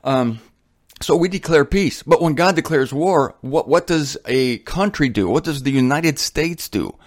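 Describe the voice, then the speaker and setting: A man's voice: on the high side, expressive, a little slow. A man preaching a sermon in a blunt, colloquial and emphatic way.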